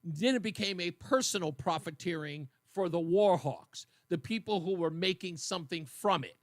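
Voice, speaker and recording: Male radio host, high voice, dry studio mic, rambling casual chat. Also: animated, no echo. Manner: chatty, rambling, quick to laugh. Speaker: radio talk show host. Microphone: studio microphone.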